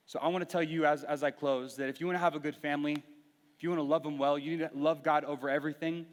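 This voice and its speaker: This youth pastor's voice is a little high, steady in tone and quick. In a reverberant hall, the young man gives a sermon to his youth group, recounting a personal story frankly and sincerely with many restarts.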